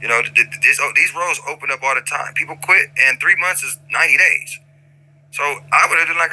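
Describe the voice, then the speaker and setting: Man, slightly high voice, piercing tone; lecturing roleplay group leader, repetitive, stammering. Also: a little fast, bright, forceful tone, low-quality recording. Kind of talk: in-character roleplay chat.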